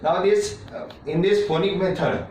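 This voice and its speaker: A man teaching a classroom lecture on reading methods, talking slowly and repeating himself, with many fillers and restarts. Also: sits high, a little mellow, distant mic, a little hiss or hum. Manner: slow and repetitive, with frequent fillers and restarts. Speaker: teacher educator. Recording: echoey room, speaker away from the mic.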